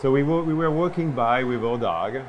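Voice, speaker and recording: Chatty French-accented chef. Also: male voice, medium pitch, lively intonation, fairly quick, muffled recording, slight background noise. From France. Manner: chatty, self-mocking humor. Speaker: chef and restaurant owner. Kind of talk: casual interview. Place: busy restaurant at lunch. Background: diners chatting and laughing.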